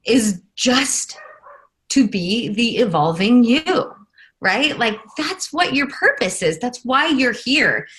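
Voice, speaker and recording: Host: woman from California, enthusiastic and reflective, quick to laugh, conversational interviewer. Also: on the high side, fairly bright tone. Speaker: podcast host. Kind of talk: podcast interview.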